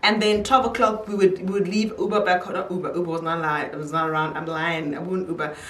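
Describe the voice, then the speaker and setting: A beauty vlogger, a young woman, casually tells a story to camera as she does her makeup, laughing easily along the way. Her voice is fairly low, steady, fast and a bit bright, picked up off-mic and distant in an echoey room.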